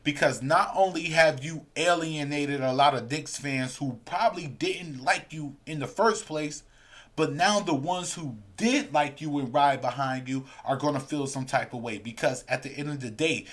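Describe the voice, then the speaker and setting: A man's voice: a little high, normal speed, a bit bright. Heated, ranting male fan host. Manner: heated, ranting, reads viewer comments aloud. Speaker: podcast host. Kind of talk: live fan reaction stream.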